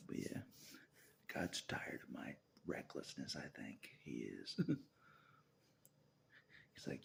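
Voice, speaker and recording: A man's voice: a bass voice, animated, takes it slowly, vocal fry, pauses often. A man vlogging in a rambling religious monologue, laughing often and dropping into whispers.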